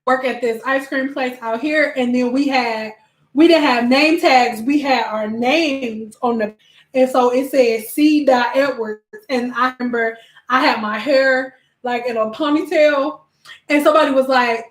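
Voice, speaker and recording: A woman's voice: sits high, unhurried. A young woman telling funny stories in a casual chat, laughing often and acting out other people's voices. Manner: laughing, animated, acts out voices in quotes. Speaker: vlogger. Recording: echoey room.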